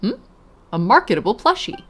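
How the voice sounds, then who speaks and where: A woman's voice: medium pitch, sing-song, a little fast, fairly bright tone. Chatty woman streaming a game. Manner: chatty, reacts aloud and answers chat. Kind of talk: casual gameplay commentary.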